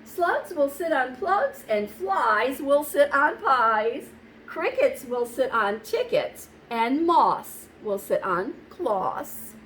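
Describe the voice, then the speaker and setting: A woman voicing a bossy male frog in a children's storybook, reading his rhyming rules loudly and slowly. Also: high-pitched, sing-song, slight background noise, heavily acted. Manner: loud, slow, emphatic rhyming lines.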